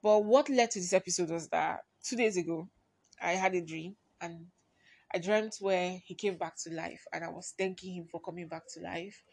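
A woman hosting her own podcast, talking through a personal story in a confiding way and often trailing off quietly. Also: lowish voice, normal speed, gravelly, breathy edge, no echo. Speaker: podcast host.

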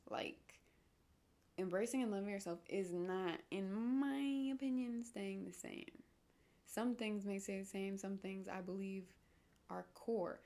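A woman's voice: medium pitch, unhurried, a little mellow. A young woman hosting her own solo podcast, rambling off topic, mocking herself and often dropping into whispers. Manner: digressive, self-mocking, drops into whispers. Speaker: podcast host.

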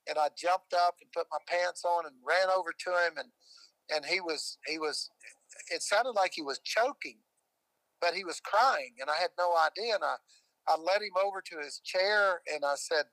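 An older man tells a personal story in a halting, rambling way, full of fillers and restarts. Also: sits high, sharp tone, dry recording, rough recording. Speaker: guest.

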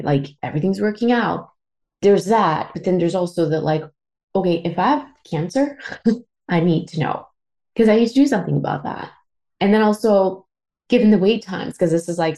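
Speaking in a lowish, dark voice, this podcast host, a Canadian woman in her thirties, opens up about something personal. She swears, leans on plenty of fillers, and becomes tearful and emotional at moments.

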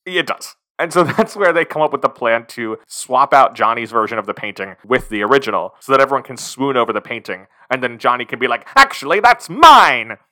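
A male podcast co-host with a bright, forward voice, walking through a film's plot with wry asides and easy laughter. His pitch sits in a middle range. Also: quick pace, few pauses. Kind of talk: casual movie-review chat.

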